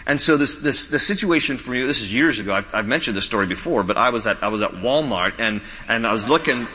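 A man's voice: mid-range voice, animated, fast, hardly any pauses, bright, forceful tone, breathy edge. A man preaching a sermon as a pastor, emphatic and repeating key lines, with humorous storytelling asides. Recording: long reverb of a large hall.

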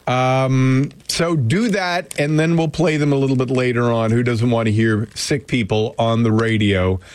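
A man's voice: medium pitch, fairly even intonation, moderate pace, a little mellow. A male radio host chatting casually on air, rambling and joking, often stopping to restart his thoughts. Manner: rambling, self-interrupting, joking. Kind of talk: casual morning radio chat. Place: radio studio. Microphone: studio microphone.

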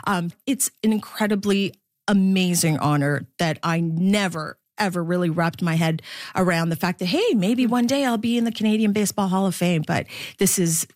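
A middle-aged woman who works as a baseball broadcaster, speaking as an interview guest in a lively, laughing, storytelling way. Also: lowish voice, moderate pace, no echo, clean studio sound. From Philippines.

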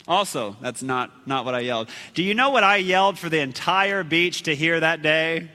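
Male preacher, high-pitched, animated storyteller, reverberant hall sound. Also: moderate pace. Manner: animated, acts out shouts and quotes, laughs at himself. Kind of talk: storytelling sermon.

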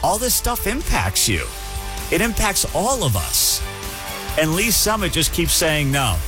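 A man hosting a morning talk radio show, ranting in an animated and incredulous way. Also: fairly high pitch, a little slow, music in the background.

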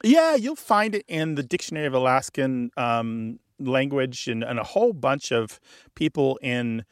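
A man co-hosting a call-in radio show about language, talking in a relaxed, scholarly way. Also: medium pitch, normal speed, no room sound, studio quality.

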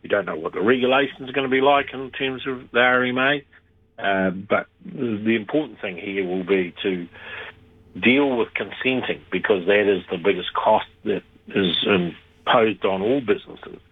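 A man's voice: lowish voice, normal speed, slightly rough, no echo. New man on a tinny phone line. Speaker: interview guest on rural radio. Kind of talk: radio phone interview.

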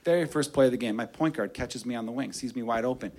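A man telling a story in a stand-up comedy set, profane, animated and wry. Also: mid-range voice, fast talker.

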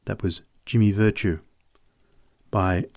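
A man reading short stories aloud as narrator, with an expressive, varied storytelling delivery. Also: lowish voice, slow, no echo, studio quality.

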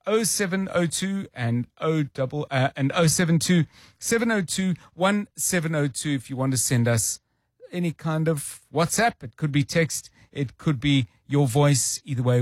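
Male radio host, chatty and informal, a bit higher-pitched, close dry studio mic. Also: lively intonation, moderate pace, no room sound. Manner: chatty, conversational, with fillers. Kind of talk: live drive-time radio presenting. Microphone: studio microphone.

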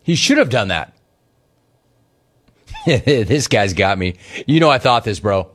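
A man's voice: on the low side, sing-song, slow, fairly bright tone, husky. A man hosting a sports talk show, mocking rival fans with a teasing, laughing manner and reading chat messages aloud. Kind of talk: sports talk radio commentary.

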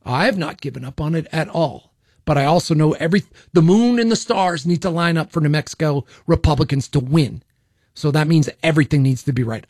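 Opinionated talk radio host. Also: male voice, a little high, brisk, a little mellow, no room sound, clean studio sound. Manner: opinionated, repeats words when starting sentences. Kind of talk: political talk radio monologue. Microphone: studio microphone.

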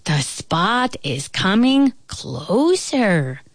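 A woman's voice: fairly high pitch, sing-song, slow, vocal fry, no echo, clean studio sound, voice pushed up, full character voice. A woman reading a storybook aloud, voicing a naive, frightened, chatty fly that takes everything literally. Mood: innocent.

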